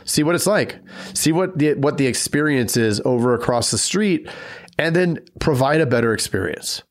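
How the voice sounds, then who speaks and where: A man co-hosting a casual podcast, talking shop and acting out quick sales pitches. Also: lively intonation. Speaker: podcast co-host. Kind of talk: casual chat.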